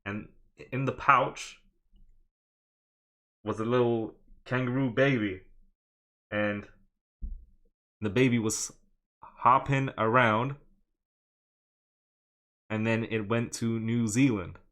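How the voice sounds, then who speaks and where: A man putting on a goofy Australian fellow telling a rambling, halting story in a put-on Australian accent, a bit higher and louder than his own talk. Every few words he stalls and restarts. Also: fairly even intonation.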